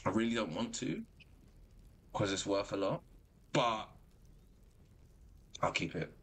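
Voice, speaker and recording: A man giving casual commentary while streaming a video game. He is animated and excitable, and he laughs often. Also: on the low side, slow, slightly rough. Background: game music.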